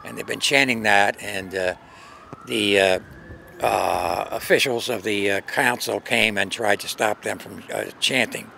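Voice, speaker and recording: Gravelly low man recounting haltingly. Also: bright, forceful tone, a little hiss or hum. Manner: halting, many fillers. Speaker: protester giving an account.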